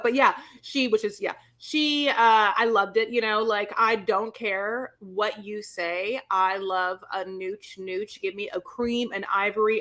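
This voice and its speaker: A woman co-hosts a podcast in a casual chat, sassy and playful, calling people "honey." Her voice sits in the mid range with a sharp tone.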